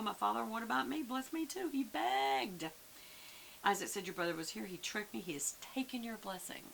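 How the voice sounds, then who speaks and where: A woman's voice: lowish voice, gravelly, bright, forceful tone, rough recording. A woman leading a casual Bible study, musing aloud with frequent fillers. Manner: conversational, muses aloud, many fillers. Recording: faint hiss.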